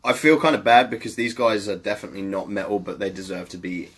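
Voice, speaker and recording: A man's voice: lowish voice, quick pace, a bit bright, husky. A man, co-hosting a podcast in casual chat, blunt and sweary with dry humour. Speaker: podcast co-host.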